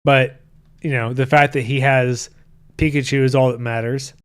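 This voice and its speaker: A man's voice: medium pitch, little pitch movement, normal speed, clean tone. A man in his thirties hosting a podcast, chatting casually and reading viewer comments in a loose, profane way. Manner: loose and profane, with frequent restarts. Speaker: podcast host.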